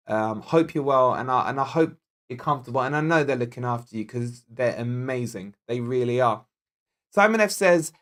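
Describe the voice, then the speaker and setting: A man's voice: mid-range voice, fairly bright tone. Chatty Scottish man hosting a watch-along. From Scotland. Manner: chatty, jokey, reads viewer comments aloud. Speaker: football fan channel host. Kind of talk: live match watch-along chat.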